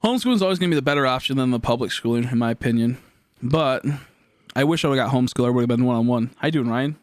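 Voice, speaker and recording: A man's voice: medium pitch, expressive, fast, no room sound. A young man chatting casually on a live stream, rambling and swearing as he talks through his life. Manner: rambling, restarts often, swears when worked up.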